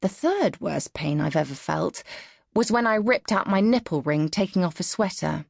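Wry, expressive woman narrating. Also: on the low side, moderate pace, creaky, no room sound. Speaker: audiobook narrator. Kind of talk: first-person audiobook narration. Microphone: close studio mic.

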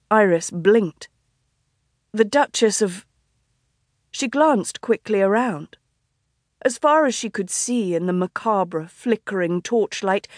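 A woman reads a historical romance at a slow, deliberate pace, giving each line room. Her delivery is measured and even. The studio sound is dry and close to the mic. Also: medium pitch, no echo. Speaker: audiobook narrator. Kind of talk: scripted narration. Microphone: studio microphone, close.

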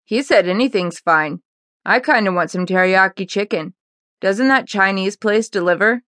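A woman's voice: mid-range voice, normal speed, a bit bright, no echo, studio quality, close to an everyday voice. A woman voicing a casual, offhand young man in college, in an audiobook. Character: easygoing college-age son.

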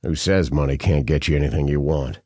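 A man's voice: a bass voice, brisk, dark tone, slightly rough, dry recording, clean studio sound. A male narrator voicing a tough former special-ops leader who speaks in terse, slangy lines.

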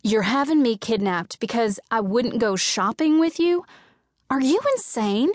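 A woman reading as a young woman, blind and trapped, snaps and shouts at her captors. Her voice climbs high and loud with fury, recorded dry and close for an audiobook. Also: lively intonation, unhurried, no echo. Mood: incredulous. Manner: shrill, outraged shouting.

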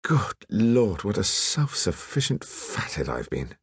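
A humble, diffident young gentleman, played by a male narrator, hesitant and stammering, lifting into eager bright notes in a storybook reading. Dry, close sound with a deep voice pushed upward. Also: sing-song, takes it slowly, breathy edge, dry recording, heavily acted.

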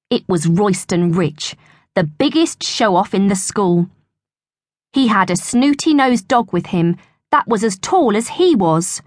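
A woman narrates a children's story in a slow, unhurried reading with a lively, swooping pitch. The delivery is expressive storytelling, recorded close and dry with no room sound. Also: no echo. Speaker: audiobook narrator.

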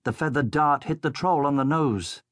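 A man narrating a children's audiobook in a steady, measured storytelling voice into a studio microphone. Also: a little high, no echo.

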